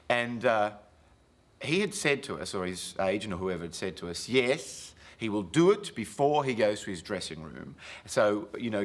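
Animated man telling a comic story. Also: lowish voice. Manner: animated storyteller, acts out quotes, laughs often. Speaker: comedian and talk show guest. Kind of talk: anecdotal storytelling on a TV chat show. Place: television studio. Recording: noisy 1980s TV broadcast audio.

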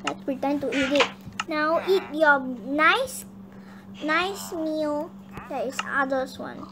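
A young girl hosting her gaming channel, chatting excitably and bossing her teammate around. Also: high-pitched, slow. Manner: excitable, chatty, bossy toward her partner. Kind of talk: casual gameplay chat. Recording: noisy home recording.

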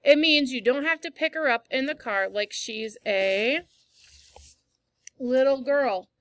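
A woman's voice: sits high, animated, normal speed, bright, forceful tone, full character voice. A woman reading a novel aloud, voicing an impatient, teasing father in her own voice. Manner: impatient, firm.

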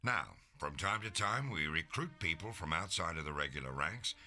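A man voicing a stern, brisk army intelligence colonel giving a formal military briefing in a war video game. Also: sits low, expressive, sharp tone, exaggerated voice. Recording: game audio with music behind. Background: music.

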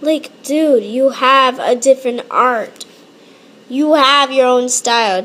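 A young woman in a casual vlog, playfully scolding someone, repeating herself and swinging between loud and quiet. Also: on the high side, unhurried. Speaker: animation creator.

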